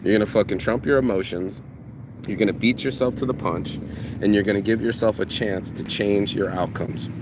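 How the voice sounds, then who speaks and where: A man's voice: on the low side, moderate pace. Slangy motivational man outside by traffic. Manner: slangy, profane, repeats words when excited. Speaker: motivational vlogger. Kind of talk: casual motivational monologue.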